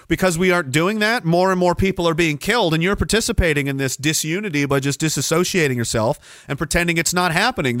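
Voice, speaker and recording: A man's voice: on the high side, fairly bright tone, dry recording, studio quality. A Canadian man hosting a podcast, ranting angrily in a solo commentary with sarcastic mocking asides. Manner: angry, sarcastic, mocking imitations. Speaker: podcast host.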